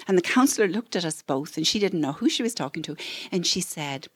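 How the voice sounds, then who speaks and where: A middle-aged woman counselor giving a parenting seminar talk, expressive and acting out the voices of parents and children. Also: on the low side, fairly quick, breathy edge.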